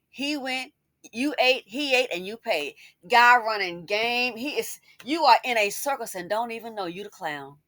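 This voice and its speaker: A woman's voice: on the high side, bright, forceful tone, no echo, clean studio sound. A woman giving sassy, scolding commentary in a casual style. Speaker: commentary host.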